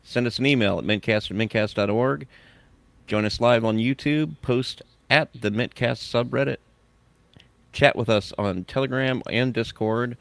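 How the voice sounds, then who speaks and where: A man's voice: mid-range voice, normal speed, creaky, no echo. A man hosting a podcast, chatting and joking, then reading tech news items aloud. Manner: joking, self-mocking, reads items aloud. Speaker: podcast host.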